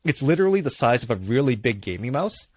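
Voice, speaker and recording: A man's voice: medium pitch, big pitch swings, fast, no room sound. A man co-hosting a casual tech podcast, explaining gear at length with lots of fillers and restarts, close on a dynamic microphone in a studio. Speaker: podcast co-host reviewing gear.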